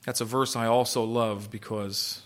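A man preaching a sermon, animated and conversational, swinging from loud emphasis to soft asides and asking his listeners questions. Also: medium pitch, normal speed. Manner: conversational, asks the listeners questions and answers them. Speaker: pastor.

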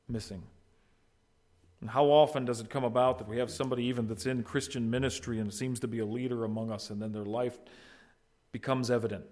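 A man preaching a sermon, swinging between loud, emphatic peaks and quiet asides, and asking the congregation questions. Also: mid-range voice. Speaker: pastor.

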